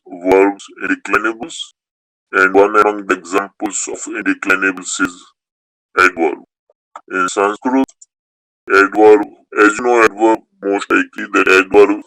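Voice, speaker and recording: Low, bright-toned male language teacher. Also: no echo, rough recording. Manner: methodical, explains step by step with restarts. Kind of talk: online class, answering student questions.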